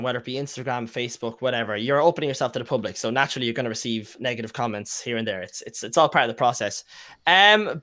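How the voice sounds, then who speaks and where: A man's voice: medium pitch, fairly bright tone. A young Irish man, a guest streamer, chatting casually on a podcast and telling stories full of slang and acted-out quotes. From Ireland.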